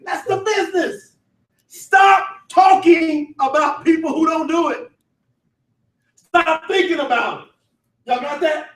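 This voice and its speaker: Man, motivational sales trainer, loud call-and-response, echoing hall. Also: very high voice, slow pace, pauses often. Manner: shouting, laughing, call-and-response with crowd. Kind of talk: motivational seminar talk. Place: large event hall. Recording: echoey hall, voice from far off.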